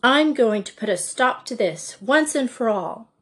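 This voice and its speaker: A woman's voice: on the high side, animated, a little slow, fairly bright tone, slightly rough, voice pushed up, full character voice. A woman reading an audiobook, voicing a stern, proper headmistress who speaks firmly and precisely. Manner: firm, disapproving, precise.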